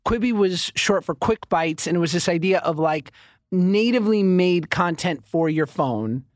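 A man's voice: high-pitched, animated, normal speed, no echo, clean studio sound. A man co-hosting a podcast, chatting in a playful, teasing way. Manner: playful, teasing, laughs often. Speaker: podcast co-host. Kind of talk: casual chat.

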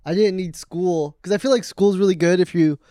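A man's voice: high-pitched, a little fast, dark tone, no room sound, studio quality. A man in his thirties, co-hosting a podcast in casual chat, often laughing and joking. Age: 30s. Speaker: podcast co-host.

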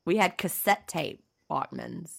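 A woman's voice: on the low side, unhurried, vocal fry, husky. A middle-aged woman co-hosting a podcast in casual chat, explaining things plainly and laughing easily. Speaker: podcast co-host.

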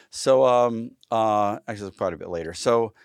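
A man telling stories as a guest in a casual podcast interview, rambling and animated, full of "like" and swearing. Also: on the low side, a little slow, smooth, no room sound, clean studio sound. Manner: acts out quoted people loudly. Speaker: guest, firearms trainer.

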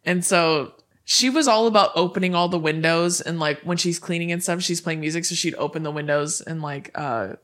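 A woman's voice: fairly low pitch, brisk. A young woman co-hosting a podcast, chatting casually and bluntly, with sarcastic swearing. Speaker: podcast co-host. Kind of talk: casual chat, storytelling.

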